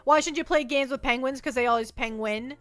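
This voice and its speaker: A woman's voice: high voice, brisk, a bit bright, soft background music. A woman livestreaming from her desk at home, chatting playfully and rambling as she reads chat messages aloud.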